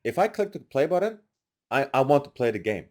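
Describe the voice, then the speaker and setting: A man's voice: mid-range voice, brisk. A young man on a podcast, telling stories casually and acting out what others said. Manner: animated storyteller, acts out quotes loudly. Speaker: podcast guest.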